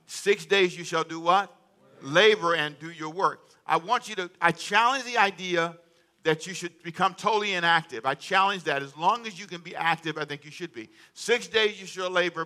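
Bright-voiced preaching pastor, a man. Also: sits high, moderate pace. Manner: call-and-response preaching, asks congregation to read aloud. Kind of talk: sermon.

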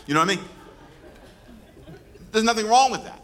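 Playful pastor preaching, somewhat high voice. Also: male voice, lively intonation, moderate pace, a bit bright. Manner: playful, teasing the congregation. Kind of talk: sermon with call and response. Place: church service before a congregation.

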